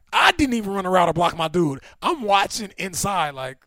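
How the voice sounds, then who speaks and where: Thirtysomething guy telling old football stories, gets loud and animated on the quotes, dry close mic. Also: normal speed, few pauses, no room sound. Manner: animated storyteller, acts out quotes with big pitch swings. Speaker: podcast co-host, former NFL receiver. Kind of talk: casual storytelling chat.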